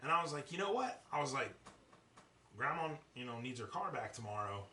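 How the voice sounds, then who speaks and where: A man hosting a podcast, telling a story in a casual, profane, animated way. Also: mid-range voice, brisk, very noisy. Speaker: podcast host. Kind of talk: casual chat. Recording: echoey room, distant mic.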